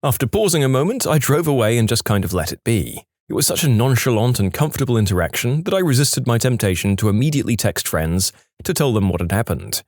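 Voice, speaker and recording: A man narrating online stories in a wry, animated, scripted way. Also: mid-range voice, fast talker, no echo, studio quality. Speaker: story narrator.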